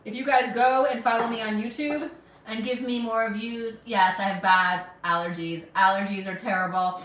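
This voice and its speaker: A woman's voice: on the high side, steady tone, normal speed, fairly bright tone, far from the mic, slight background noise. Chatty woman livestreaming from a kitchen. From United States. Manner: chatty, teasing, answers viewers' comments. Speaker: criminal defense lawyer cooking on a livestream. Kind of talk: casual livestream chat. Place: home kitchen. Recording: roomy kitchen audio, speaker off-mic.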